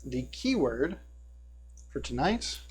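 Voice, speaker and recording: A man running a tabletop game as game master, talking in a loose, filler-heavy way. His voice sits at an ordinary middle pitch. A faint electrical buzz hums under the recording. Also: very animated, slow. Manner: casual, many fillers, drops into a low hushed tone for eerie scenes. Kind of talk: narrating a tabletop game and hosting a live stream. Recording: faint buzzing hum in the background.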